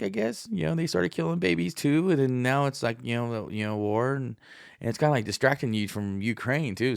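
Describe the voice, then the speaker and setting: A man's voice: clean tone, dry recording, studio quality. A man in his thirties, a podcast host, in a rambling, profane, jokey monologue. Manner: profane, jokey, puts on high voices to act out stories.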